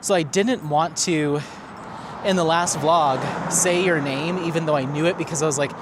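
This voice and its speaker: This vlogger's voice is a little high and moves at normal speed as he strolls a neighborhood street with his dog, background noise audible. His loose chatter includes reading comments from viewers, with many fillers and restarts.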